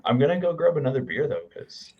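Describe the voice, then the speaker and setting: A man's voice: on the high side, very animated, fast talker, slight background noise. A man joining a podcast as a guest, chiming in with brief, friendly remarks. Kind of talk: casual podcast chat. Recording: dull remote-call audio.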